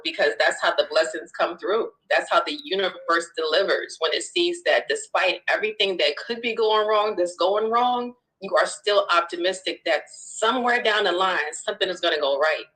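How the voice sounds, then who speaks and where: Low-voiced woman giving upbeat encouragement. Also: moderate pace, few pauses, a bit bright, rough recording. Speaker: tarot reader host. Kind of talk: casual spiritual chat.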